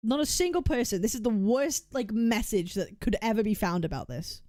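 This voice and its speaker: Woman streamer going off on a rant, pitch all over the place, bit high, super dry close sound. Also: animated, moderate pace, darkish tone, dry recording. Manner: emphatic, repeats herself, argumentative. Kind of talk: heated reaction rant.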